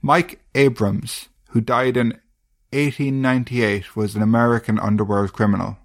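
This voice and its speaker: An Irish man hosting a podcast, trading casual banter with dry, deadpan self-mocking jokes. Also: medium pitch, moderate pace. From Ireland. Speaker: podcast host.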